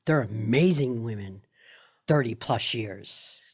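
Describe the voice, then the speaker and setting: A woman's voice: extremely low pitch, expressive, slow pace, darkish tone, slightly rough. A middle-aged woman, a podcast guest, telling her story in a candid, blunt and profane conversational way. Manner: blunt and profane, speaks openly.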